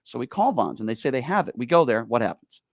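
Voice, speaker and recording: A man hosting a talk radio show, telling stories in an animated, exasperated way. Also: medium pitch, quick pace, gravelly, no room sound, studio quality. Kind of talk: casual talk radio chat.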